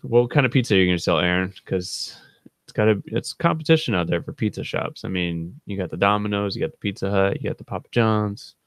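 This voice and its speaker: This channel host, a man in his thirties, has a gravelly, lowish voice and talks fairly fast, captured in a dry, clean studio recording. On his live stream he tells rambling, funny tales about a friend, laughing a lot and quoting others loudly.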